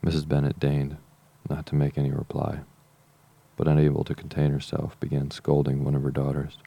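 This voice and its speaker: Man, audiobook narration, extremely deep, monotone, measured. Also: vocal fry, breathy edge.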